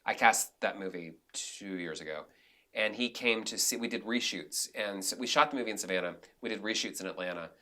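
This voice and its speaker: A man being interviewed on a podcast, a director and actor telling animated stories in a casual, rambling way with many restarts. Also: lowish voice, fairly quick.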